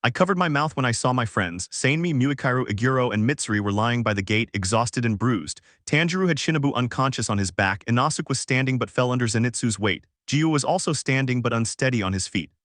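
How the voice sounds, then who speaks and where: A man narrates a fan story in a plain, steady way at a middle pitch. The recording is dry and close, with no room echo. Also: fast talker, hardly any pauses. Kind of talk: fanfic reading.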